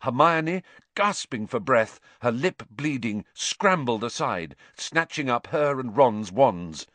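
A man reading a story aloud as narrator, measured and expressive. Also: medium pitch, dry recording. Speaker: audiobook narrator. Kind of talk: scripted narration.

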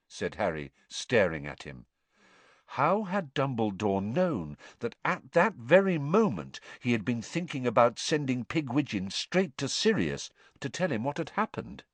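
A man narrating a novel aloud in an expressive storytelling reading. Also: fairly low pitch, unhurried, no echo. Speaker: audiobook narrator.

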